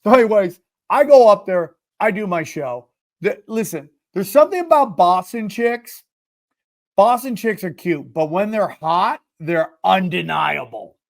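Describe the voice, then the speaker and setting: A man hosting a podcast, telling a comedic story with animated, profane delivery. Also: high voice, unhurried, creaky. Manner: animated, swears freely, acts out quotes. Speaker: podcast host.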